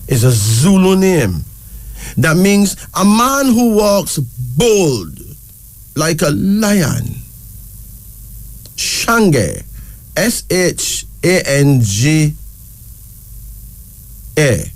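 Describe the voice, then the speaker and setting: A man hosting a casual talk show, slowly spelling out each name letter by letter and repeating words for emphasis. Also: on the high side, sing-song, no echo. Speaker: show host. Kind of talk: casual talk presenting names.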